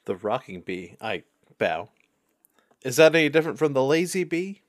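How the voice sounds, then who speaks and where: A man's voice: mid-range voice, big pitch swings, normal speed, dry recording, clean studio sound. A man taking part in a tabletop role-play game, joking in a wry way. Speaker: player.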